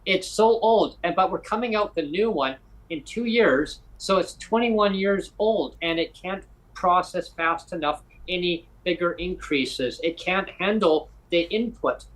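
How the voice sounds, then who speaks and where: High-voiced man hosting a podcast. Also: measured pace, poor audio. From Canada. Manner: animated, rambling with frequent restarts. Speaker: podcast host. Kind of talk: casual podcast conversation.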